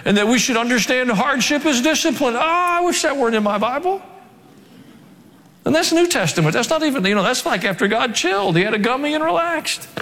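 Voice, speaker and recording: Preaching a sermon, this male pastor has a very high voice with lively intonation, a fairly quick pace, and a fairly bright tone. He moves back and forth between humorous asides and emphatic, rising exhortation, all heard through long hall reverb.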